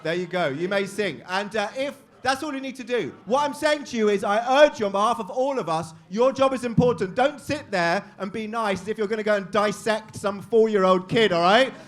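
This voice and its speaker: Brash high-voiced comedy host. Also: male voice, fairly bright tone. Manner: brash, crude, teasing and quick-witted. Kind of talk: crowd-work stand-up banter. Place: live comedy venue.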